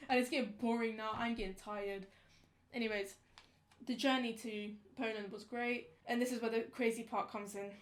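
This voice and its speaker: A young woman, casually telling a story on a podcast in slangy, animated talk. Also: a little high, moderate pace. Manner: animated, slangy, acts out quotes. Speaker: podcast co-host.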